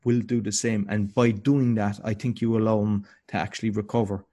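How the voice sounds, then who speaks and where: A man interviewing a guest in a relaxed conversation, reflective and encouraging, sometimes repeating words. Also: lowish voice, a little fast.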